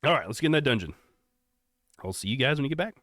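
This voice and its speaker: A man's voice: medium pitch, fast talker. A young adult male streamer chatting casually with his viewers, with a nasal, congested voice from a cough. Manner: relaxed, rambling, thankful. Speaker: live streamer. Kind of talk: casual chat with chat.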